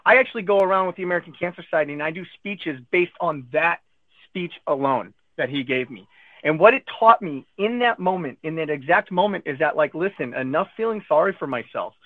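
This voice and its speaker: A man with a fairly high voice talks a little fast, recounting his cancer diagnosis as a guest in casual conversation and animatedly acting out what friends and doctors told him. The recording is dry, with a tinny phone-line sound.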